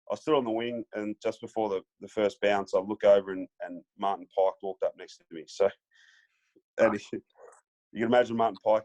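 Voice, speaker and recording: Podcast guest: relaxed Australian man, lowish voice, rambling anecdotes. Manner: laid-back storyteller, many fillers, acts out quotes. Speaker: podcast guest, former footballer. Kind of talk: casual storytelling chat.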